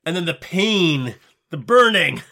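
A man's voice: fairly high pitch, sing-song, sharp tone. A middle-aged man co-hosting a podcast in casual chat, stammering and restarting his sentences as he talks. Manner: halting, stammers and restarts often. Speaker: podcast co-host.

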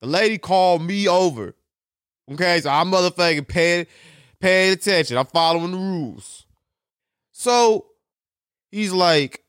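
A young man hosting a podcast, telling a story in an animated, profane, slang-heavy solo rant. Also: high voice, unhurried, long pauses, smooth. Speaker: podcast host.

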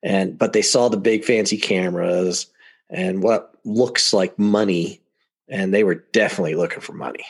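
Guy, lowish voice, rambling travel story, keeps laughing at himself. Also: moderate pace, creaky, slightly rough. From United States. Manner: animated, laughs often while telling anecdotes. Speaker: podcast guest. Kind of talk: casual storytelling.

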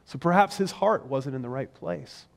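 A middle-aged male pastor preaching a sermon in a church, animated and sometimes acting out quoted voices. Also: mid-range voice, normal speed. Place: church sanctuary. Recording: long reverb of a large hall.

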